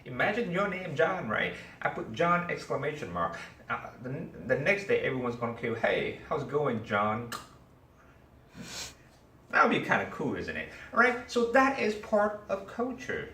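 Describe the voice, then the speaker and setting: Animated male teacher in an echoey classroom. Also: a little high, normal speed, a little hiss or hum. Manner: animated, asks the class questions. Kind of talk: storytelling lesson to a class. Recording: echoey room, mic far off, faint ambience.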